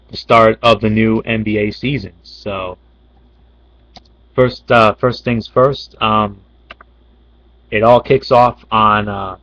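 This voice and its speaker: A man's voice: on the low side, a bit bright, no room sound, dull audio. A man talking casually about upcoming basketball games as a sports commentator, with plenty of fillers and restarts. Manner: unscripted, many fillers and restarts. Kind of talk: casual talk.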